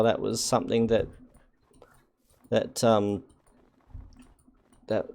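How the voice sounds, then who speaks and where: Gravelly, slow, dry-humored man streamer. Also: on the low side, a little mellow. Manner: dry, wry and self-deprecating, halting restarts. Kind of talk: casual live-stream chat while gaming.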